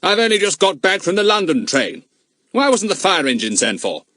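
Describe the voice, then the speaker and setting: A man's voice: sits high, sing-song, normal speed, sharp tone, no room sound, clean studio sound, voice pushed up, heavily acted. A man reading an audiobook, voicing an impatient, curt man. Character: impatient man, house owner.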